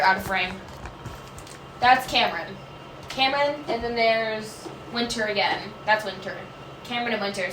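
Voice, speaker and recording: Bright-voiced woman rambling in an echoey room. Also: a little high, a little hiss or hum. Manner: rambling, loses track and corrects herself, laughs often. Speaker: creator answering viewer questions. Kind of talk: casual Q&A chat.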